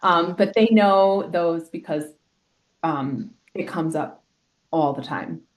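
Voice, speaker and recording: A middle-aged woman, an elementary school health educator, explaining in a lively way with examples in a casual interview. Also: fairly low pitch, slow pace.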